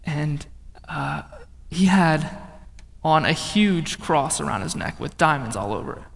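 A young man with a notably high voice tells his personal testimony, swinging from loud outbursts into hushed, quiet passages. His words ring out with a long reverb, as in a large hall. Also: a little slow, gravelly. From northern United States. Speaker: speaker giving a testimony.

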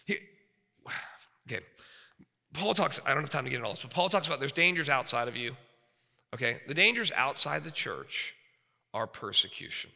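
Male pastor, 30s, animated sermon delivery, sharp tone, echoing hall. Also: mid-range voice, a little fast, vocal fry. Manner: animated, shifts between loud and quiet. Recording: long hall reverb.

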